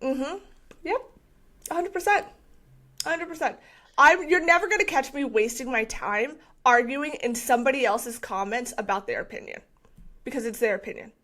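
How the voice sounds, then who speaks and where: High-voiced, indignant woman podcast co-host. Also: normal speed. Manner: indignant, forceful and insistent. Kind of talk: casual podcast chat.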